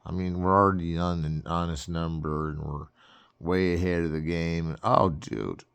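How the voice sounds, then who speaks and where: A man with a very low, fry-heavy voice talks his way through a cartoon as a self-styled critic. He rambles and jokes, now and then putting on a grand, old-fashioned phrasing before falling back into casual chatter. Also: level tone, moderate pace. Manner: rambling, loose and jokey, drifting into mock-grand phrasing. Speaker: comedic film critic host. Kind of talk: rambling improvised commentary over a cartoon.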